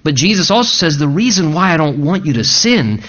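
A man's voice: on the high side, big pitch swings, brisk, a bit bright. Earnest preaching man, muffled sound. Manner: earnest preaching, rising emphatic questions. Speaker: pastor. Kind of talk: sermon.

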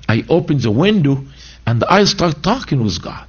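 A man's voice: mid-range voice, moderate pace, husky, dull audio. Egyptian-born man preaching his testimony. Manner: animated storytelling, broken grammar, voices quotes. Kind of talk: sermon testimony.

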